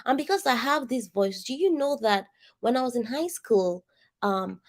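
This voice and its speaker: A woman's voice: fairly high pitch, lively intonation, moderate pace. Nigerian woman, coach, nasal distinctive voice, earnest and direct, video call. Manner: earnest, emphatic, addresses listeners directly. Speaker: coach leading an online session. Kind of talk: interactive coaching talk.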